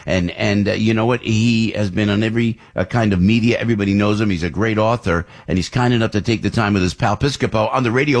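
A man's voice: lowish voice, quick pace, hardly any pauses. A man in his sixties hosting a talk radio show, effusive and rambling with jokey asides. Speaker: radio host.

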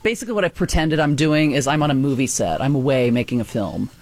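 A chatty woman in relaxed conversation who laughs readily. Her sentences wander, break off and start again as she tells her stories. The talk is unhurried and unscripted. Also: extremely low pitch, no echo. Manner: chatty, laughs often, trails off mid-sentence. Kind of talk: casual chat.

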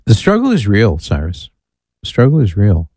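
A man's voice: fairly low pitch, wildly swooping pitch, normal speed, dark tone, no room sound. A man hosting a call-in radio talk show, chatty and amused as he reads listener emails aloud. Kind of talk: casual call-in radio chat.

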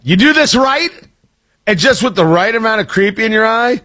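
A man's voice: high voice, expressive, moderate pace, pushed and bright. A man hosting a morning radio talk show, joking wryly and interrupting himself as he riffs. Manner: wry, joking, self-interrupting. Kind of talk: casual morning radio chat. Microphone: studio microphone.

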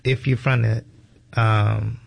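Low, gravelly man explaining animals. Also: level tone, slow. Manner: easygoing, explanatory, with fillers. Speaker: museum educator. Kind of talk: radio interview guest.

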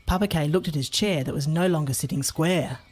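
A woman narrating a children's storybook in a playful, expressive way. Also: deep voice, a little fast, a little hiss or hum.

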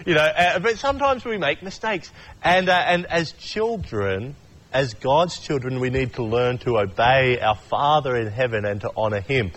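A man's voice: on the high side, lively intonation, normal speed, a bit bright, low-quality recording. Chatty man preaching a casual sermon. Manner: chatty, acts out voices in stories. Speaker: pastor.

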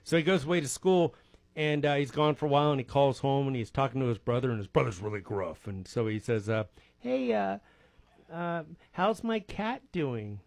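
A man's voice: mid-range voice, quick pace, no echo. A man hosting a local radio swap show, chatting casually and joking with callers. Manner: joking, chuckling, rambling.

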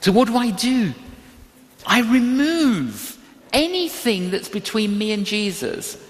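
An older preacher gives a sermon slowly and deliberately, repeating key phrases for weight. The pitch swings widely as the story unfolds. A long hall reverb trails every line. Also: sing-song. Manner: emphatic, repetitive, slow delivery.

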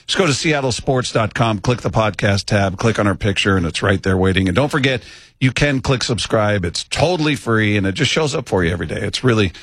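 Husky-voiced sports radio host, dry studio sound. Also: male voice, on the low side, lively intonation, fairly bright tone, no echo. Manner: chatty, jokey, quick to laugh. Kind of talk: casual sports radio banter.

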